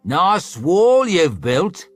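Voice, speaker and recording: A man's voice: high-pitched, big pitch swings, measured pace, dry recording, soft background music, voice pushed up, heavily acted. A man voicing a sneering, wild-eyed street thug in an audiobook, jeering and barking his lines. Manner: jeering, shouted taunts.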